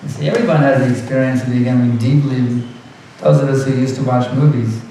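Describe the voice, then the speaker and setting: A man's voice: mid-range voice, fairly quick, warm tone, heavy reverb, far from the mic, slight background noise, low-quality recording. A man giving a devotional lecture as a spiritual teacher, earnest and repeating words for emphasis, with light laughs.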